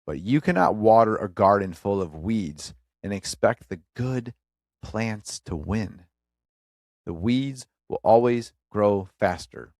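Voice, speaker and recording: A man's voice: on the low side, takes it slowly, a little mellow, dry recording, clean studio sound. A man hosting a faith-based motivational podcast, speaking earnestly in short emphatic phrases and addressing the listener as a brother. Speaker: podcast host.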